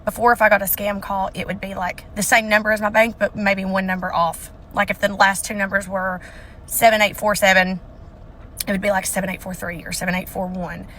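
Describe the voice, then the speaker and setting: A woman telling viewers about a scam call, acting out both sides of the conversation with lively quoted lines. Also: mid-range voice, a little fast, slight background noise. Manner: animated, acts out the call in quoted voices. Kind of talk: casual storytelling to camera.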